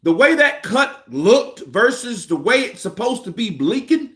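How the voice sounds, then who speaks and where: A man hosting a boxing commentary livestream, ranting excitedly and repeating himself as he thinks aloud. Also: extremely high pitch, unhurried.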